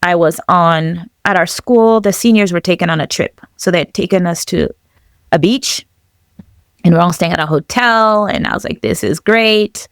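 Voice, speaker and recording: A young woman from Zambia telling a personal story as a podcast guest, reflective and halting, with many fillers. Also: lowish voice, clean tone, no room sound, clean studio sound.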